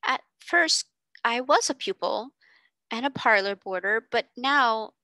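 A woman voicing a quiet, earnest orphan girl. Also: a little high, lively intonation, slow, no room sound, voice pushed up, exaggerated voice.

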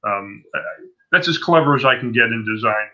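Bright-voiced older man rambling through anecdotes. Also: medium pitch, fairly quick. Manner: rambling, self-interrupting, animated anecdotes. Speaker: comic book artist guest. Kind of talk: casual interview storytelling. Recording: dull lo-fi sound.

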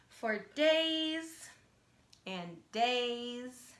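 Animated woman teacher reading a storybook. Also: medium pitch, moderate pace, gravelly, slight background noise. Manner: animated, asks listeners questions. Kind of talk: children's read-aloud. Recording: echoey room.

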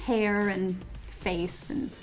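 A woman's voice: mid-range voice, flat delivery, very slow, soft background music. A young Midwestern woman hosting a casual interview, bubbly, giggly and gushing. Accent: Midwestern American. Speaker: interview host.

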